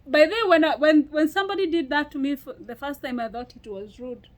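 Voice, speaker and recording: Young Kenyan woman, casual vlog chat, lively storyteller, slightly high. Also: fast, poor audio. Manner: animated storytelling with frequent laughs and restarts. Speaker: vlogger.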